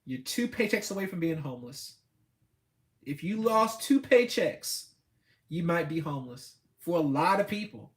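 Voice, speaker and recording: A man's voice: on the high side, lively intonation, normal speed. A man giving a blunt, preachy motivational talk with speech, repeating himself for emphasis. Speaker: host.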